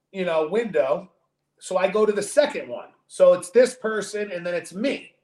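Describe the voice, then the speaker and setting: A man co-hosting a podcast, telling a story in casual chat with a lively, profane manner. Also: high voice, echoey room. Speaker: podcast co-host.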